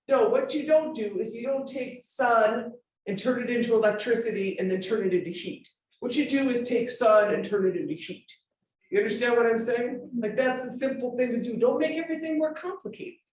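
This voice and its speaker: Talking a little fast at a medium pitch, a forum presenter runs through slides in a casual public lecture, pressing points emphatically, asking rhetorical questions and repeatedly checking that people follow. Faint ambience fills a very echoey room, and the voice sits far from the mic.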